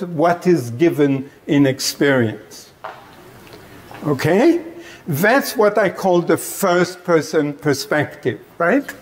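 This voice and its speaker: A man giving an academic lecture in a meditation center classroom, deliberate and explanatory, often checking in with the audience. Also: on the high side, lively intonation, a little hiss or hum. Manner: deliberate, checks in with "Okay?", light chuckles.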